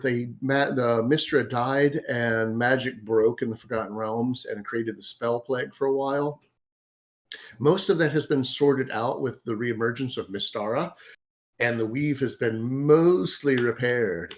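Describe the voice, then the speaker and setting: Man, guest on a talk stream, excited storyteller, mid-pitched voice, casual chat. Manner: enthusiastic, animated storytelling with hesitations. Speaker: guest, game author and designer.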